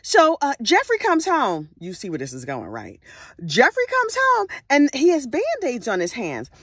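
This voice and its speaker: An animated woman telling a crime story in a casual, chatty way and throwing in sassy asides. Her voice sits high and leaps all over the place. The sound is close and dry. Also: moderate pace, slightly rough, dry recording. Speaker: true crime vlogger.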